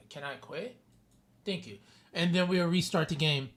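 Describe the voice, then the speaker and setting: High-voiced man chatting through a live game stream. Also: unhurried, a bit bright, faint music behind. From New York City. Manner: chatty, talks to viewers by name, swears casually. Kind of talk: casual live-stream gameplay commentary.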